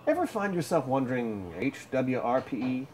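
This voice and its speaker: A man's voice: medium pitch, sing-song, moderate pace, darkish tone. A man presenting a scripted educational explanation, with a dry, tongue-in-cheek delivery. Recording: roomy echo with faint background noise.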